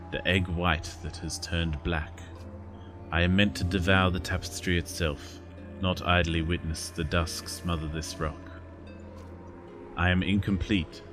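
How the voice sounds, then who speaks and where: A man doing a monumental ancient serpent, scornful and menacing, with a very deep, low voice. It speaks slowly and grandly, like a game creature reading out a doom-laden prophecy, with game music playing behind it. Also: fairly even intonation. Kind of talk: reading game dialogue aloud in a put-on voice.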